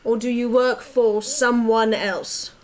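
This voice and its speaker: A woman player voicing her character in a tabletop game, asking calm, probing questions. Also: fairly high pitch, slow pace.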